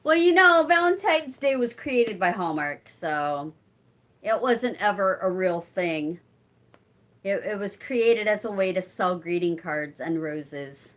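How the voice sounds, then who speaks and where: A woman's voice: medium pitch, animated, slow, fairly bright tone. A woman in her forties hosting a casual live-stream chat, answering viewers and talking to her cat. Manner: chatty, talks to her cat between replies to viewers. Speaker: channel host.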